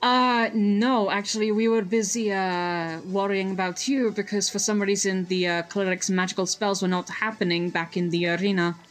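A woman playing a gentle giant warrior, rambling. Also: medium pitch, fairly even intonation, normal speed, few pauses, natural voice. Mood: flustered. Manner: rambling, self-correcting, laughs easily. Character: huge gentle male Goliath warrior.

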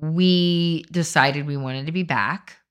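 A woman's voice: deep voice, slow, a bit bright, clean tone. A middle-aged woman talking casually with a nasal, stuffy voice after crying, blunt and wry. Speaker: podcast co-host. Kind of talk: casual couple's chat.

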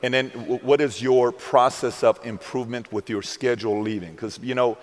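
A man hosting an interview, talking like an excited fan and tossing in sarcastic asides. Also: medium pitch, moderate pace, long reverb tail. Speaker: interview host. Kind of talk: casual interview chat.

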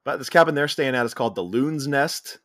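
A man's voice: mid-range voice, a little fast, no room sound. Dry-sounding man recapping a movie. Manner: retells scenes, quoting lines in a flat voice. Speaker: podcast co-host. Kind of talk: casual movie recap chat.

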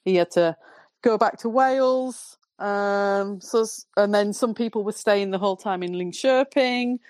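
A woman with a Northern English accent, a podcast guest telling a rambling, relaxed story in casual chat. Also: medium pitch, a little slow, dry recording, studio quality. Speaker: podcast guest, football fan.

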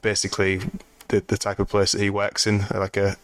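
A man's voice: lowish voice, completely flat delivery, fairly quick, no echo. A man co-hosting a film podcast in casual chat, meandering and restarting sentences with dry humor. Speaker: podcast co-host.

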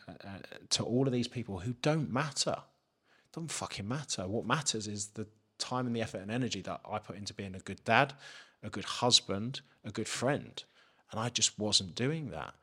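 A man's voice: fairly low pitch, bright, forceful tone. A man, a podcast guest telling a candid personal story and swearing freely. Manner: frank, swears freely, acts out his own inner questions.

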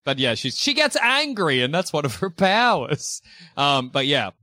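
A man with a bright, forceful, slightly raised voice, chatting on a podcast with lots of eager agreement and casual swearing. The sound is close and dry, with no room around it. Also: fairly high pitch, very animated, no room sound. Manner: enthusiastic, swearing, quick to agree. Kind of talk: casual comedic chat.

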